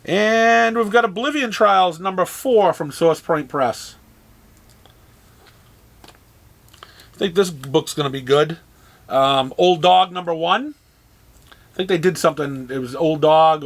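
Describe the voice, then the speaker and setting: A man casually runs through a comic shop's new weekly releases, listing titles with dry, sarcastic asides and halting restarts. His voice is a little high and a bit bright.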